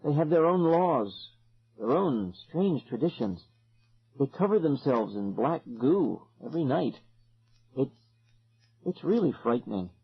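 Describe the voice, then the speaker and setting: A man's voice: mid-range voice, sing-song, measured pace, long pauses, husky, muffled recording, full character voice. A man voicing an earnest, uneasy young girl in a horror audiobook. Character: scared girl explaining a wild gang.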